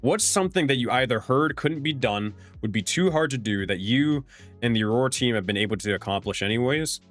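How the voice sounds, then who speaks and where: A man's voice: mid-range voice, lively intonation, a little fast, fairly bright tone. Young male streamer, casual Q&A, rambling, restarts, cusses, faint music behind. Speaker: streamer and game master. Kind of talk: casual livestream Q&A.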